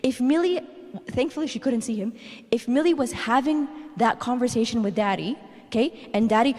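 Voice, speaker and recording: A woman in her thirties giving a parenting talk at a church, telling animated personal stories and tagging her points with "okay?". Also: on the high side, a little fast. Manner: animated storytelling, tags lines with "okay?". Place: church hall. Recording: reverberant church hall.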